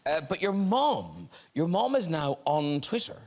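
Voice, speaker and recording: A man's voice: high-pitched, sing-song, measured pace. A man with an Irish accent hosting a chat show, teasing and giggly as he introduces guests in a TV studio. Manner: giggly, teasing, bouncy host. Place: TV studio with live audience. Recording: loud crowd and studio noise.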